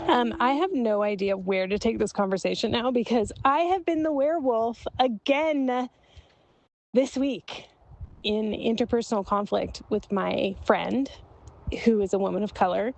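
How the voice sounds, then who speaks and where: Slow, gravelly woman's voice memo. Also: fairly high pitch. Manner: reflective, halting, many fillers and soft laughs. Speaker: author and guest in voice memo exchange. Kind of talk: casual confessional voice memo. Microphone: phone voice memo.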